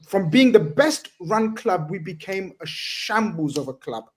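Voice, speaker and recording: A man's voice: sits high, very animated, unhurried. A man hosting a football chat show, arguing emphatically, repeating his points and swearing. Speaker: show host. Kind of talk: heated casual football debate.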